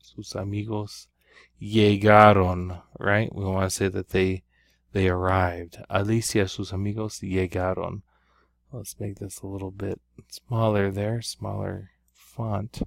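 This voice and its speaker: A man's voice: low-pitched, flat delivery, unhurried, creaky, no room sound, studio quality. A man teaching a Spanish grammar lesson, walking through exercises step by step and often checking in with "right?". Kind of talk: recorded classroom lesson.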